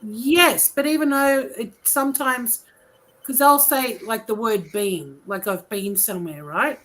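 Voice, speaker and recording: A woman's voice: on the high side, expressive, slow, a bit bright, rough recording. An Australian woman chatting casually on a podcast, searching for words and amused by the topic. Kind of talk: casual chat.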